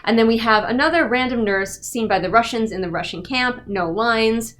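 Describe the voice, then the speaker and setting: A woman's voice: fairly high pitch, normal speed, fairly bright tone. A woman giving a casual, sarcastic and exasperated book review rant.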